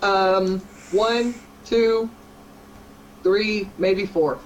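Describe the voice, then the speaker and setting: A woman's voice: mid-range voice, fairly even intonation, drawn-out words, rough recording. A sassy woman, co-hosting a casual online stream. She teases and banters freely. A faint hiss of noise sits under her voice. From Texas. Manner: sassy, teasing. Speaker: co-host.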